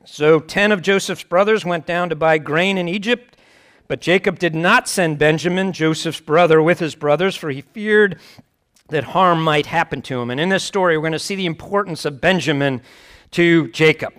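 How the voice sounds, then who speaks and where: A man's voice: fairly high pitch, moderate pace, fairly bright tone, smooth. A man preaching, reading scripture aloud and explaining it in a conversational way, with wry asides.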